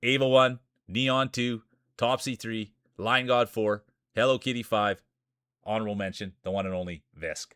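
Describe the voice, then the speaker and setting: A man with a strong rural Saskatchewan Canadian accent calling a marble race live on stream, hyping racers with playful announcer shout-outs. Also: lowish voice, steady tone, moderate pace, clean tone, no echo, studio quality.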